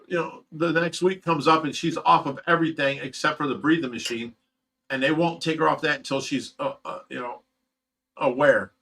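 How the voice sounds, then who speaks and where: A man's voice: mid-range voice, pushed and bright, rough recording. A middle-aged man telling a personal story in casual chat, emotional and rambling, swearing freely. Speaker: fish rescue owner.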